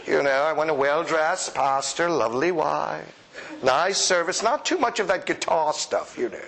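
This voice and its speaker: High-ish voiced guy preaching, super animated, doing little voices for people. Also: normal speed, vocal fry. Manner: animated, acts out quoted voices, chuckles often. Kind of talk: lively sermon. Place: church service with congregation.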